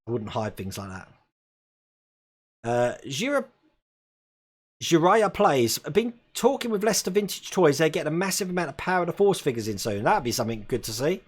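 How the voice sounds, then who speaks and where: A man in his forties from England, hosting a live stream and chatting casually while reading viewer comments, laughing often. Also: mid-range voice. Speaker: host.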